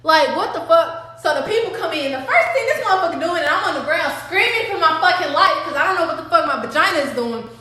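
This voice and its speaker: A woman's voice: very high voice, animated, fast talker, hardly any pauses, pushed and bright. A woman telling a personal storytime, dramatic and profane, talking straight to her viewers. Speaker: storytime vlogger. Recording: very echoey room.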